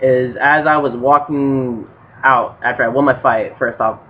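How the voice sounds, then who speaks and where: A man's voice: medium pitch, fairly even intonation, a little slow. A young man co-hosting a podcast, casually swearing as he retells old fight memories. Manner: laid-back, profane, retelling fight memories. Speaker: podcast co-host. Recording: tinny phone-like audio with faint hiss.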